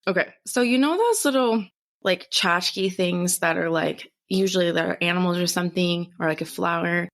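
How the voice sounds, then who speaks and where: A young adult woman co-hosting a podcast, telling a story in a casual, animated way and swearing freely. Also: fairly low pitch, normal speed. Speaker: podcast co-host. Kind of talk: casual chat.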